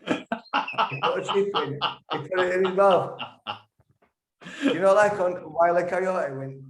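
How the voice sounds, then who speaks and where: A man with a Yorkshire accent, a musician guest telling a story in a rambling, animated way, often stumbling over his words. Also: high voice, a little slow, slight background noise. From Yorkshire, England. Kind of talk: casual storytelling. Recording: echoey room.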